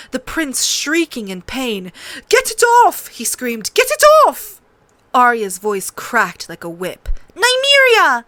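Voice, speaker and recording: A woman reading a fantasy novel aloud as an audiobook, with dramatic, expressive storytelling. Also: medium pitch. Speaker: audiobook reader.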